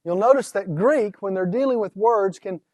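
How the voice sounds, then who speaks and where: High-voiced man teaching syllable rules. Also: darkish tone, no echo. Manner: methodical, sounds out syllables slowly. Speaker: Greek instructor. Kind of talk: recorded lecture on pronunciation.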